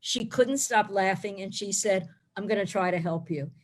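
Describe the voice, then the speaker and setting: A woman's voice: mid-range voice, moderate pace. A woman in her forties from the Bronx doing a blunt, rambling stand-up set over a video call. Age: 40s. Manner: brash, rambling, blunt storytelling. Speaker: stand-up comic.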